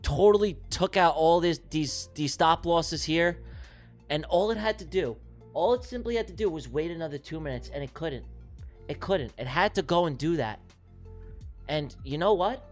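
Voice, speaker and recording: A man's voice: a little high, lively intonation, normal speed, faint music behind. A man hosting a live trading stream, venting and swearing as he talks his chat through a trade that went wrong. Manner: exasperated, venting, profane. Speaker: livestream trading host.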